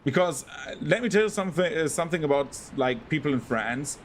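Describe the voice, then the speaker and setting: A man's voice: on the high side, lively intonation, brisk, slight background noise. A young man chatting loosely while streaming a game, rambling with many fillers and yelping when in danger. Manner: rambling, full of fillers, bursts into panicked yelps while playing. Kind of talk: casual gameplay commentary.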